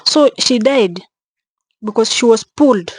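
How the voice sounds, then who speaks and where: A young woman vlogging with emotion, speaking in a halting way, repeating herself and sounding tearful and shaken. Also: a little high, expressive, slightly rough, dry recording. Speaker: travel vlogger. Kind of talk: emotional vlog narration.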